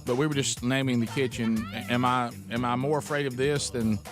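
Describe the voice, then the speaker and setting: A man's voice: medium pitch, steady tone, fairly quick, music in the background. A man hosting a talk radio show, joking and chuckling as he tells stories. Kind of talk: casual talk radio banter.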